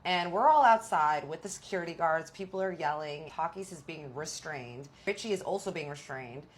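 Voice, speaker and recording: A young woman telling a personal story in a casual, animated way, acting out the dialogue. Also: deep voice, normal speed. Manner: animated, dramatic retelling with quoted dialogue.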